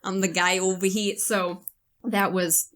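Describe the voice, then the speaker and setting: A woman co-hosting a podcast in casual chat, telling animated stories, acting out quotes and swearing casually. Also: medium pitch, unhurried. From northern United States. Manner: animated storyteller, acts out quotes, laughs a lot. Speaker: podcast co-host.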